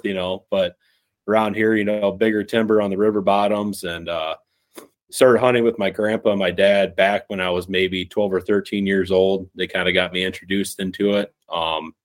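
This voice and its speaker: A young man from eastern Iowa, a podcast guest, talking in a relaxed, rambling way with many fillers. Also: fairly low pitch. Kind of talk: casual chat.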